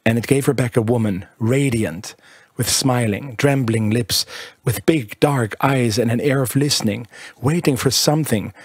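A man narrating a literary short story in a measured, lyrical reading. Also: mid-range voice, slightly rough, no room sound. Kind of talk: scripted audiobook narration.

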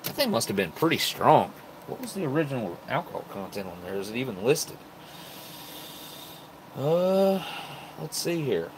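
A man's voice: mid-range voice, a little fast, noisy background. A man vlogging casually at a table at home, a bit tipsy from beer, rambling and thinking aloud as he unpacks food. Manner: rambling, relaxed, thinking aloud with many fillers. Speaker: MRE review vlogger. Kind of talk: casual solo chat to camera while unpacking food.

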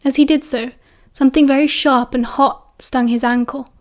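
A woman with a British accent narrating a novel as an audiobook in a steady, expressive storytelling voice. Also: high-pitched, moderate pace. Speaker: audiobook reader.

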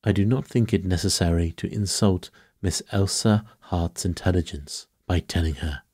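A man's voice: low-pitched, moderate pace, a little mellow, husky, dry recording, clean studio sound. A man voicing a courteous, fussy elderly detective in a bedtime story reading, speaking formally with mild reproof. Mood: calm. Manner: formal, mildly reproving, polite.

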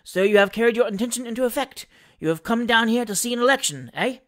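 A narrator voicing a small, bustling election agent, effusive and brisk in a storybook reading. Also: mid-range voice, lively intonation, a bit bright, pitched above the performer's own voice, close to an everyday voice.

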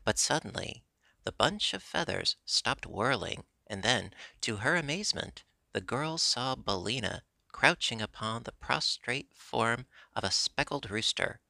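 A man reading a children's storybook as steady, even narration. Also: mid-range voice, a little slow, creaky, dry recording. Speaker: audiobook reader. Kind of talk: scripted narration.

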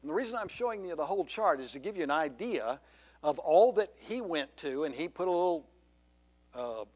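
A Georgia pastor with a fairly high, darkish voice preaches a little fast with lively intonation. Standing in the church sanctuary, he earnestly poses rhetorical question after rhetorical question to the congregation.

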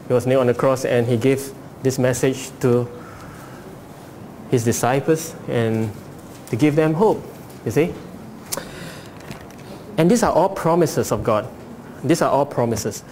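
A man's voice: a little high, darkish tone, slight background noise. A male pastor preaching a sermon, asking rhetorical questions and acting out voices as he reads scripture.

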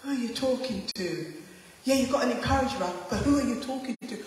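A woman preaches a passionate sermon in a high voice, rising to loud calls and then dropping to hushed asides. She sounds far from the mic, and her words ring through a large hall with a long, heavy echo. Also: fast talker.

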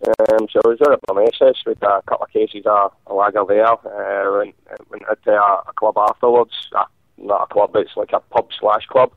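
A man's voice: fairly low pitch, little pitch movement, fairly quick, gravelly, no echo. Hungover man on a phone line. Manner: rambling, swears a lot, lots of ums. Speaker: caller. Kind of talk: casual phone chat. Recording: dry tinny phone line.

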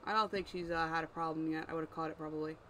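Author reading own story out loud, stops to fix words, talks to self, faint noise and a car going by. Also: mid-range voice, fairly even intonation, poor audio. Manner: unhurried, pausing, correcting slips, musing aside. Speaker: author and narrator. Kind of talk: reading own story aloud while editing.

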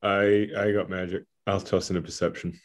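Man, tabletop player, casual chat, playful, lowish voice. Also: flat delivery, moderate pace.

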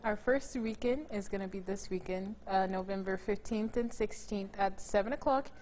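A young woman, a student performer being interviewed, hesitant and filling pauses with "um". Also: medium pitch, a little mellow, slight background noise. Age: teens to young adult. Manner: hesitant, many ums.

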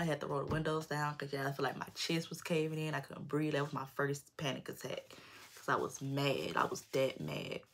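A young adult woman vlogger telling a personal story in an animated, slangy, emphatic way. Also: low-pitched, creaky, a little hiss or hum. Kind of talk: storytime vlog.

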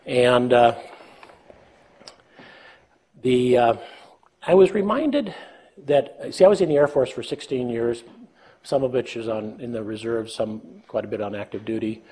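A man's voice: mid-range voice, unhurried, pauses often, mellow, husky. An older man giving a leadership talk, telling self-deprecating stories and acting out dialogue with a chuckle. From United States. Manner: storytelling, self-deprecating, acts out dialogue with laughs. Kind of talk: conversational lecture with anecdotes.

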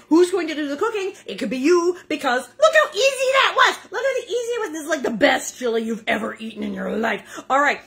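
An older woman hosting a casual home cooking vlog. She is chatty and animated and keeps tasting as she talks. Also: high-pitched, vocal fry. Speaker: cooking show host. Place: home kitchen.

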